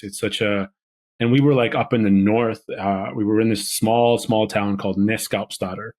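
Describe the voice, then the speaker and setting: A man, a filmmaker guest on a podcast, talking casually and meandering, often restarting his sentences. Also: lowish voice. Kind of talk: casual conversational chat.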